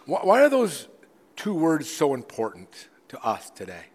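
A man preaching a sermon as pastor, earnest, often repeating words as he restarts and swinging between loud and quiet. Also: fairly high pitch, huge pitch swings, measured pace, in a large hall.

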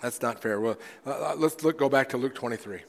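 A man preaching a sermon as pastor, earnest, often repeating words as he restarts and swinging between loud and quiet. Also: mid-range voice, fairly quick, vocal fry, in a large hall.

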